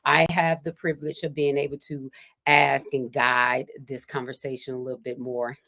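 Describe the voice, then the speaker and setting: A woman's voice: extremely low pitch, level tone, moderate pace, vocal fry, a bit bright. A woman hosting a live-streamed interview show, talking loosely and chattily with lots of fillers and easy laughter. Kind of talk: casual live-stream chat.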